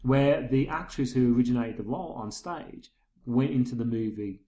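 A man's voice: mid-range voice, normal speed, mellow, roomy sound. A man chatting casually about films as a podcast co-host, rambling and correcting himself often. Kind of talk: casual film chat.

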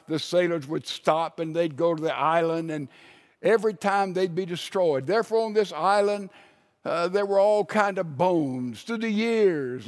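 A preacher with a somewhat high voice tells stories from the pulpit. He swings between loud emphasis and hushed, quiet lines as he builds his point. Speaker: pastor. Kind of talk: sermon.

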